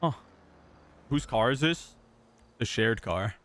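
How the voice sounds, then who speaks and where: A man's voice: mid-range voice, lively intonation, slow pace, a bit bright. A man streaming a police roleplay game, talking casually with easy swearing and laughter. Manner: laid-back, swears casually, laughs easily. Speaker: streamer playing a police officer. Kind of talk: casual gaming stream and in-game radio chatter.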